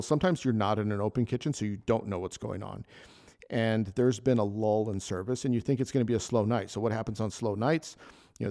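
A man's voice: fairly low pitch, a little mellow. Man, podcast host, chef, casual rambling monologue, restarts a lot. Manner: rambling storytelling with frequent restarts and laughs.

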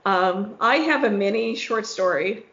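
A woman's voice: mid-range voice, a little slow, a bit bright, reverberant, dull audio. A young woman co-hosting a casual podcast, telling a story with lots of fillers and laughs. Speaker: podcast co-host. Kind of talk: casual chat among friends.

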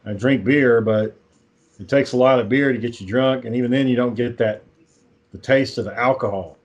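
A man's voice: mid-range voice, brisk. Casual rambling man telling stories. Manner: rambling storyteller, swears casually. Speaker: podcast co-host. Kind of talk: casual chat.

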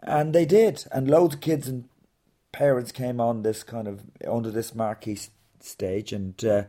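A man's voice: mid-range voice, steady tone, measured pace, mellow. A man, a comedian hosting a podcast, ranting through a sarcastic, swear-laden anecdote and then interviewing a guest. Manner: swears freely, rants with sarcasm. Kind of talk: rambling comic monologue and interview.

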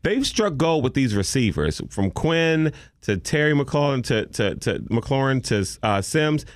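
A man's voice: mid-range voice, very animated, measured pace, no room sound, studio quality. A man co-hosting a casual sports chat, driving his point home by repeating key phrases. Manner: emphatic, repeats phrases for effect. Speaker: co-host.

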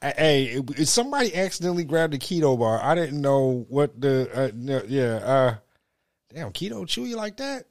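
Rambling man with a lively pitch. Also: moderate pace, no echo, studio quality. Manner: laid-back, rambling, stammers and laughs often, profane. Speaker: podcast co-host. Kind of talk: casual banter.

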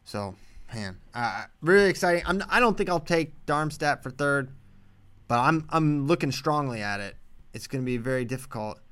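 A man co-hosting a podcast, chatting casually about wrestling picks with quick, animated banter. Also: mid-range voice, smooth. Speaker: podcast co-host. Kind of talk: casual sports chat.

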